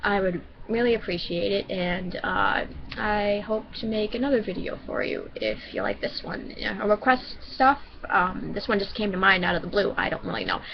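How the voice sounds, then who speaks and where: A woman's voice: mid-range voice, sing-song, normal speed, vocal fry, muffled recording, background noise. A woman vlogger from Michigan telling a personal story casually, rambling and often restarting her sentences.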